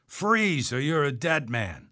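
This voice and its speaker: A man's voice: medium pitch, a little fast, a bit bright, natural voice. A man voicing a tough, threatening male undercover cop who barks harsh orders in a storybook reading. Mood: shouting threats.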